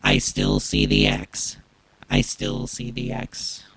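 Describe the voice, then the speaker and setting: Brief: mocking masked hijacker, nasal and affected, bright, ring-modulated buzz. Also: male voice, a bass voice, wildly swooping pitch, slow pace, creaky, slightly rough, voice pushed down, exaggerated voice, poor audio. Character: creepy masked male TV hijacker, mocking and unhinged. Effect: buzzy ring modulator pedal.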